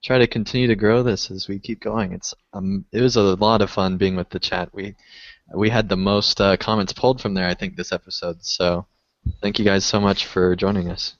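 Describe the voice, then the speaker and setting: Laid-back male podcast co-host, halting with fillers, dry lo-fi sound. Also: deep voice, no room sound. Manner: relaxed, hesitant with fillers. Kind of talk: casual podcast chat.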